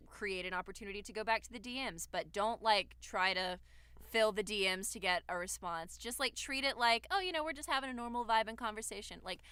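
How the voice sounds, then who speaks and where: A woman's voice: mid-range voice, pushed and bright, clean tone, no room sound. A woman casually giving dating advice as a podcast co-host, agreeable and supportive.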